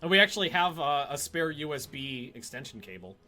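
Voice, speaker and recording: A man's voice: a little high, very animated, fairly quick, bright, forceful tone, soft background music. A man chatting casually on a live stream while playing a strategy game, joking and often chuckling.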